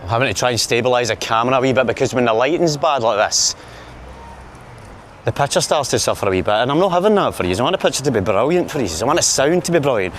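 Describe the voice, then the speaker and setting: Filming himself on a handheld camera as he strolls outdoors through the city, this Scottish man speaks in a mid-range, expressive voice with a Glaswegian accent. He talks fast and jokily to his viewers in casual vlog style, with a little noise behind him.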